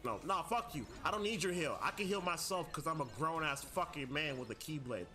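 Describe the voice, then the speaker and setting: A man streaming video games, talking loudly and swearing a lot as he plays. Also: on the high side, brisk. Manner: loud, swearing, excitable. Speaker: gaming streamer. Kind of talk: casual gaming stream chat.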